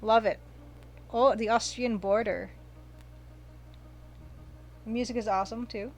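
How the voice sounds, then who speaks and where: A woman's voice: fairly high pitch, steady tone, a little slow, darkish tone. A woman casually commenting while streaming a retro game, chatting, reading viewer comments aloud and gushing over the pixel art.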